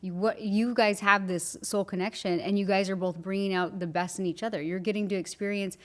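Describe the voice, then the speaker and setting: A woman's voice: mid-range voice, fairly even intonation, a little fast. A woman co-hosting a podcast, chatting casually with many affirming fillers. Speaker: podcast co-host. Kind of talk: casual interview chat.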